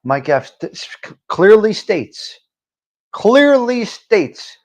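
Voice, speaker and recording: A man hosting a live-stream talk show, giving a blunt, profane monologue that swings from low muttering to loud outbursts. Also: very animated, slow. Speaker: livestream talk show host.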